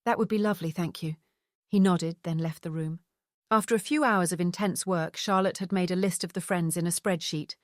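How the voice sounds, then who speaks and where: A woman reading an audiobook novel in a steady, even narration. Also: lowish voice, moderate pace, no room sound, clean studio sound.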